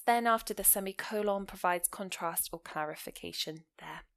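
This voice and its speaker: Woman teaching grammar, clear and explanatory. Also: mid-range voice, moderate pace. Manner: clear, explanatory, asks the listener questions. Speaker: English teacher. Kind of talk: online grammar lesson.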